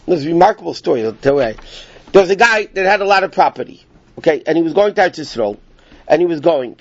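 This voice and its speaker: A man with a somewhat high voice leads an informal class, telling stories in a casual, wandering way. The recording is dry and dull, like cheap gear in a small space. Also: expressive, fast talker, no echo. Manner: casual, rambling, self-interrupting. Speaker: Torah class teacher. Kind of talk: informal storytelling lesson.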